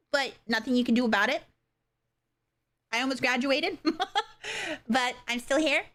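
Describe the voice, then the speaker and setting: A young adult woman chatting casually with her livestream viewers, halting and soft-spoken, with many fillers and pauses. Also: sits high. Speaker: streamer.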